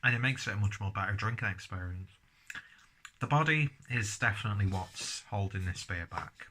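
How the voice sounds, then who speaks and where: A man's voice: on the low side, moderate pace, bright, forceful tone, a little hiss or hum. A man giving a casual beer and snack tasting review, chatting as he chews. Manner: chatty, talks while chewing.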